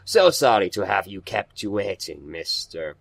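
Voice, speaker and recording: A polite, cultured male engineer from a video game, as a man reads his lines aloud. His delivery is smooth and gracious, in a fairly low voice. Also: sing-song, measured pace, dry recording, heavily acted. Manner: polite and pleasant, read aloud.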